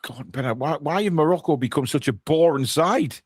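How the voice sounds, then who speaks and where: A man's voice: a little high, expressive, brisk, breathy edge, dry recording, studio quality. A man co-hosting a live football watchalong, giving chatty play-by-play with jokey asides. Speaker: watchalong co-host. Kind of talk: live match watchalong commentary.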